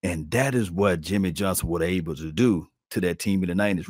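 A man hosting a casual sports talk stream, animated and preachy, calling out to viewers as he riffs. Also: deep voice, fairly quick, few pauses, husky, no echo, studio quality. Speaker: podcast host.

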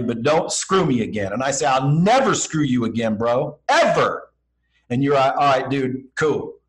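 On a rough recording, a man with a mid-range voice appears as a podcast guest. He hands out blunt, slangy motivational advice in casual conversation, acting out snippets of dialogue along the way.

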